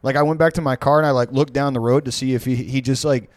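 A man's voice: medium pitch, steady tone, quick pace, no echo. A man telling a story on a podcast, rambling and profane with many fillers. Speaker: podcast co-host. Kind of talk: casual storytelling.

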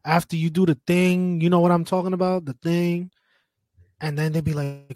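A man's voice: high-pitched, flat delivery, moderate pace, a little mellow, no room sound, clean studio sound. A young man, a podcast co-host, bantering bluntly and animatedly with plenty of swearing. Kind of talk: casual chat.

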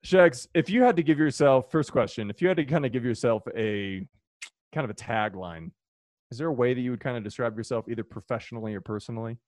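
A man's voice: mid-range voice, expressive, quick pace, darkish tone, no echo, studio quality. A man hosting a podcast, introducing the episode and the guest in a friendly, chatty way with many fillers. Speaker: podcast host.

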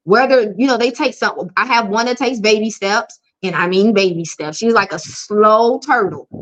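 A woman's voice: medium pitch, moderate pace, fairly bright tone. A woman life coach speaking frankly and openly in an interview. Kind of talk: candid conversational interview. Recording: dull lo-fi audio.

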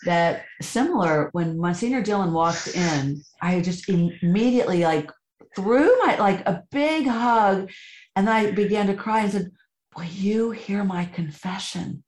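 A woman hosting a podcast, speaking softly and measured as she reflects and converses. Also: mid-range voice, expressive, echoey room. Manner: soft and measured, at times tearful in the retelling. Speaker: podcast host.

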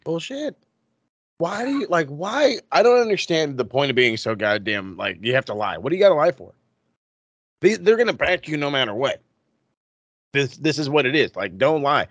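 A man's voice: on the high side, moderate pace, no echo. A man co-hosting a podcast, chatting casually with lots of swearing and restarts. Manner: profane, animated, lots of restarts. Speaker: podcast co-host. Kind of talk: casual chat.

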